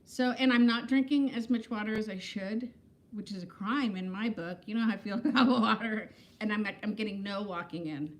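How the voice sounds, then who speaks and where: A woman's voice: medium pitch, moderate pace. A woman in her fifties, chatting candidly and self-deprecatingly to viewers on a casual livestream from her home, greeting them by name. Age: 50s. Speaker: livestream host. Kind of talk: casual live-stream chat.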